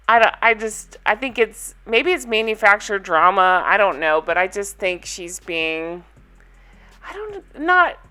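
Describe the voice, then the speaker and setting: A woman's voice: medium pitch, fairly bright tone. A woman vlogger chatting casually through a TV recap, blunt and opinionated, often laughing.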